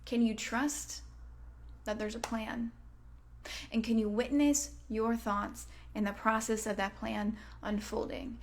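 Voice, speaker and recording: This thirties-aged podcast host and coach keeps things frank and casual, full of fillers and curse words, occasionally going almost to a whisper to stress a point. She speaks slowly with a slightly high, fairly even voice, and there's slight background noise.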